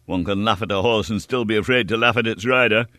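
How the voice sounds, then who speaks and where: A man voicing a brash, hot-headed young male swordsman who shouts his challenges in a story reading. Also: a little high, brisk, no echo, studio quality, voice pushed up. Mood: angry, shouting.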